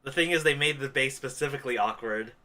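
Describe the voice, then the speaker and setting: A man co-hosting a podcast in relaxed, speculative casual chat. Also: mid-range voice, fast. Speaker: podcast co-host.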